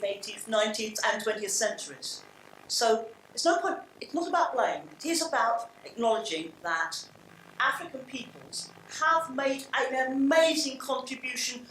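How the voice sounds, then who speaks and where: A woman's voice: medium pitch, a bit bright. Older woman, London accent, blunt panel speaker, distant mic in a roomy hall with faint room noise. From England. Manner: blunt, reflective, with many restarts. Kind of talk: public talk. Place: large hall.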